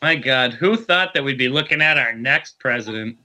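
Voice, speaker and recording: A man co-hosting a casual podcast, watching wrestling and trading animated, profane banter with friends. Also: mid-range voice, normal speed. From Vermont. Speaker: podcast co-host. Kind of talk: casual watch-along chat.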